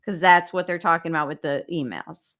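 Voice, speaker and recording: A woman with a deep, fairly bright voice talks briskly as a true crime channel host on a casual livestream. She chats straight to viewers about a case and reads documents aloud.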